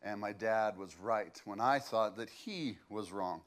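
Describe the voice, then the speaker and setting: A man's voice: lowish voice, unhurried. A man, preaching a sermon as a pastor and telling stories in a loose, conversational way with fillers.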